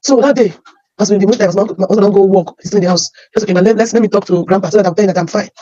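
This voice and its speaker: A woman with a Nigerian accent telling her life story as emotional personal testimony, halting and often repeating her phrases. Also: mid-range voice, mellow, dry recording, dull audio.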